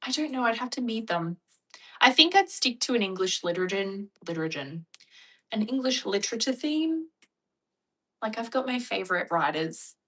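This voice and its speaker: A woman's voice: a little high, moderate pace, recorded from a distance, poor audio. A woman, chatting casually with her audience and telling stories with lots of laughter. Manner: chatty, laughing, animated storytelling. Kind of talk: casual chat.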